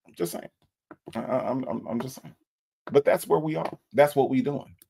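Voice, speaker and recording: A man's voice: mid-range voice, normal speed, creaky, dark tone, husky. A man hosts a live stream in casual commentary, reading chat comments aloud, repeating himself and stammering in disbelief. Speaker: live stream host reacting to a phone call.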